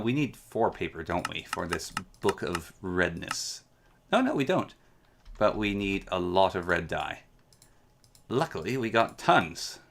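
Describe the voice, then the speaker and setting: This man from the Yukon, Canada, has a lowish voice with vocal fry and a sharp edge. He's casually streaming a game, reading chat out loud and tossing in playful asides as he comments on the gameplay.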